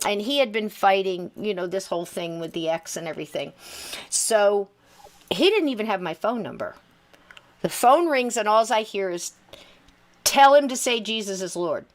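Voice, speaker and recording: A middle-aged woman telling a personal story in casual conversation, earnest and emphatic, halting with frequent restarts. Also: mid-range voice, expressive.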